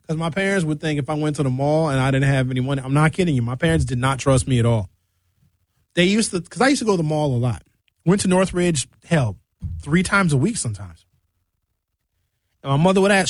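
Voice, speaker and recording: With a fairly high, lively voice, this middle-aged man talks briskly but leaves long pauses, in a dry recording. He's hosting a radio show and delivering a comedic monologue of loose, bawdy stories full of acted-out voices.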